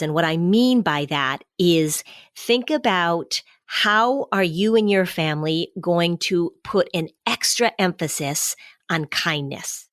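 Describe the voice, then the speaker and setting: A middle-aged woman co-hosting a parenting podcast, giving steady, explanatory advice in casual conversation. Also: fairly low pitch, no room sound, studio quality.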